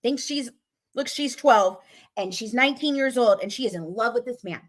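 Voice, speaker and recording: Woman true-crime commentator, high voice, emphatic, angry, swears, repeats herself for effect. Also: normal speed. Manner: emphatic, repetitive, swears when worked up. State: openly angry. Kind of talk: casual true-crime rant to viewers.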